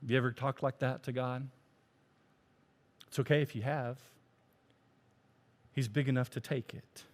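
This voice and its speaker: A man's voice: mid-range voice, little pitch movement, measured pace, long pauses, darkish tone. Man preaching with big dynamic swings. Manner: rises to emphatic peaks, drops to near whispers. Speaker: pastor. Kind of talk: sermon.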